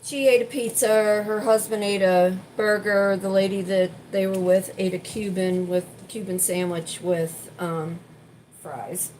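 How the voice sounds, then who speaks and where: Woman vlogger, mid-pitched, venting storyteller cooking at home, faint background noise. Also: steady tone, measured pace, darkish tone, rough recording. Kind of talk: casual chat while cooking. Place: home kitchen.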